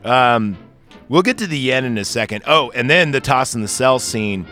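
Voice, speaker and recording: Podcast host, male, mid-pitched, loose and rambling, faint music behind. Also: animated, moderate pace, pushed and bright. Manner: rambling, swears freely. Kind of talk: casual movie chat.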